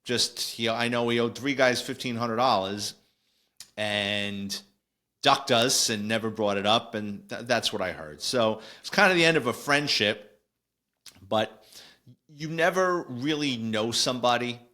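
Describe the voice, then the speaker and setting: A man's voice: a little slow, bright, forceful tone. A man in his fifties, a retired police detective, telling rambling stories on a podcast and acting out quoted dialogue. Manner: rambling anecdotal storytelling, acts out quoted dialogue with pitch jumps. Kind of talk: casual storytelling.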